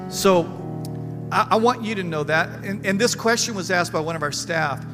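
Man, pastor, emphatic folksy talk, slightly high voice, long echo, music behind. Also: moderate pace. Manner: emphatic, folksy, repeats himself. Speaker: pastor leading a panel. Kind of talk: church panel talk, preaching. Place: church service.

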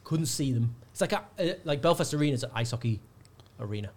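A male comedian, telling a lively story in casual chat and acting out the people in it. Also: medium pitch, fast. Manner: animated storyteller, shouts out quoted hecklers. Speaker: guest comedian.

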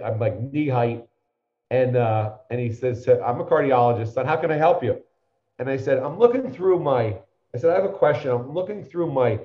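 A man in his fifties spins a long, winding story, slipping into the voices of the people in it. His voice sits at an ordinary middle pitch. The recording sounds roomy and a bit muffled. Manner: rambling anecdotes, acts out the people he quotes. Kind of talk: conversational storytelling.

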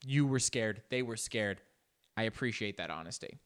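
A man reacting to a news clip in casual commentary, joking and jumping into exaggerated voices. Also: normal speed. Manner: animated, joking, jumps into exaggerated high-pitched voices. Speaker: reaction video host.

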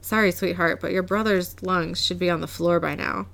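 A woman's voice: lowish voice, fairly even intonation, normal speed, creaky, a bit bright. A woman casually recapping a TV episode, narrating scenes and quoting characters' lines, often laughing. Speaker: podcast co-host recapping an episode. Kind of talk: casual chat, reading scenes aloud.

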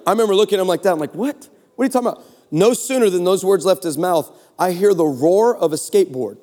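A man in his forties delivers a comedic sermon, his voice sitting high and lively. He tells his stories with sarcasm and playful energy. The sound rings out through a large church hall with a long echo. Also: quick pace. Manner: animated, sarcastic, joking. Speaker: guest preacher.

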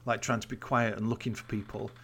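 A man's voice: on the low side, little pitch movement, quick pace, a bit bright, slightly rough. A man recapping a TV episode in casual podcast chat, incredulous and sweary as he rants about its plot holes. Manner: incredulous, ranting storyteller, sweary.

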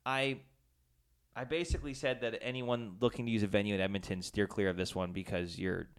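A man co-hosting a podcast, telling a story in a lively way and acting out the people in it. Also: lowish voice, brisk, smooth. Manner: animated, acts out quoted people. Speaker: podcast co-host. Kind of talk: casual storytelling chat.

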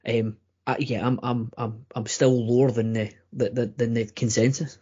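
A man's voice: medium pitch, flat delivery, normal speed, warm tone, breathy edge. A man co-hosting a casual podcast, stammering and restarting his sentences often. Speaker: podcast co-host. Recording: dull lo-fi audio.

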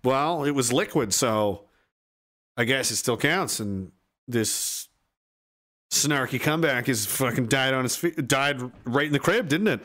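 A young man casually chatting on a livestream and reading out chat messages, crude and profane, switching into mock rants and high-pitched yells. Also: measured pace.

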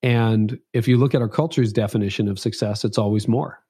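A male author guest talks in a reflective, heartfelt way. His voice is low and mellow, and it is recorded dry and close. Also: steady tone, a little fast, slightly rough, dry recording. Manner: reflective, heartfelt, repetitive emphasis. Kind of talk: interview conversation.

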